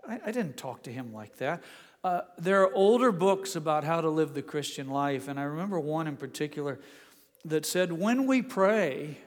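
An older man preaching a sermon as pastor, telling homely stories with gentle humor. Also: a little high, lively intonation, normal speed. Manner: folksy storytelling with gentle humor. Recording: long reverb.

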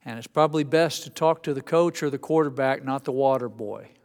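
A man's voice: mid-range voice, fairly quick, darkish tone, long reverb tail. A male pastor preaching a sermon in a conversational, folksy way, often restarting his sentences. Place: church sanctuary.

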